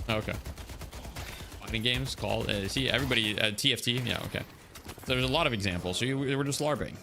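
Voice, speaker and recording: A man's voice: medium pitch, brisk, vocal fry, sharp tone. Laid-back gaming streamer man, noisy audio. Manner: joking, laughs often, reads out donations. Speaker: streamer coaching a team. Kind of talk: casual gaming stream chat.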